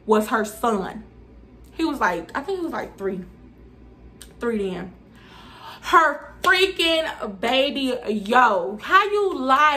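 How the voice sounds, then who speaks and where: A young woman talks straight to camera in a high, bright voice. She tells her story time casually but dramatically, getting animated as she addresses her viewers. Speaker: YouTuber telling a story time.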